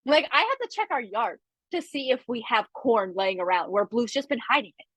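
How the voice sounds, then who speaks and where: Podcast co-host, woman, high and expressive, chatty storyteller, dry close sound. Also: a little fast, dry recording, rough recording. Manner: animated, chatty, with frequent asides. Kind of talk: casual chat, storytelling.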